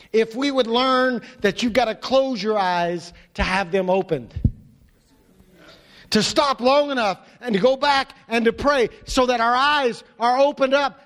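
Pastor guy preaching, super high voice, punchy rhetorical questions, loud then quiet, big echoey church. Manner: emphatic, builds with repeated rhetorical questions, swings between loud and hushed. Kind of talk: sermon.

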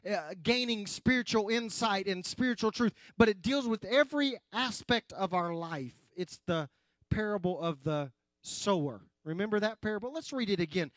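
A man's voice: high voice, no room sound. A man preaching a sermon as pastor, folksy and chatty with the congregation, often restarting and adding asides.

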